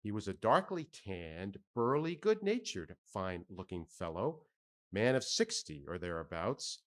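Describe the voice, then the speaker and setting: A man reading a classic novel aloud at a public readathon, measured and expressive. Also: lowish voice. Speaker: volunteer reader.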